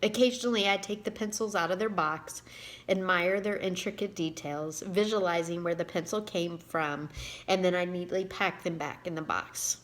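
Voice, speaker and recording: Woman in her 40s, lower voice, personal video reading her own story, gets choked up, halting delivery. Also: a bit bright. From Indiana, USA. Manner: emotional, halting, reading aloud with pauses. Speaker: author and giving speaker.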